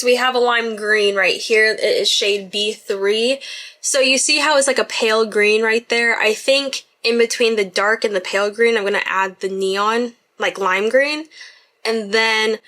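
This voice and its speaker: Young woman, beauty vlogger, chatty and apologetic, bright tense voice, slightly high. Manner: chatty, apologetic, self-deprecating. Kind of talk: casual makeup tutorial chat. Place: bedroom.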